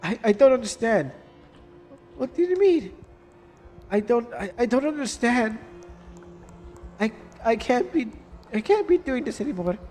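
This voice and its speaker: A man's voice: very high voice, sing-song, measured pace, long pauses, a little mellow, in a large hall, soft background music, pitched above the performer's own voice, full character voice. A man voicing a distraught, pleading middle-aged mother in a game, with a put-on foreign accent. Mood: desperate.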